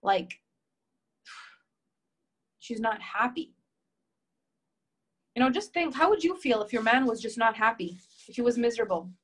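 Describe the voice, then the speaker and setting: A woman's voice: fairly high pitch, unhurried, long pauses, slightly rough. Encouraging woman coaching a group call. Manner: warm, encouraging, reads out members' comments. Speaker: relationship coach.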